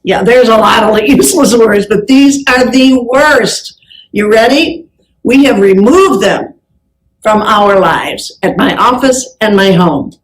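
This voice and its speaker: A woman's voice: a little high, slow pace, low-quality recording. A woman giving a live motivational business talk on stage, telling anecdotes and acting out the dialogue. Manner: lively storyteller who acts out dialogue. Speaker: business speaker.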